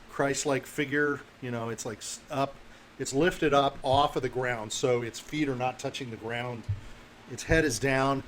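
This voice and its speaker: A man running a tabletop game as game master, describing the scene in a halting, self-correcting way. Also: mid-range voice, slight background noise.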